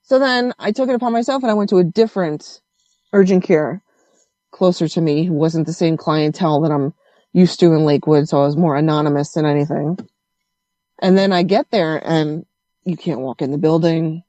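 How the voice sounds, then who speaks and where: A woman telling a story in casual conversation, animated and swearing as she acts out what others said. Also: low-pitched, moderate pace, no room sound.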